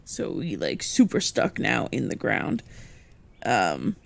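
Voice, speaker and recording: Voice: medium pitch, wildly swooping pitch, takes it slowly, gravelly. A player in a casual tabletop game, wry and self-mocking, swearing casually.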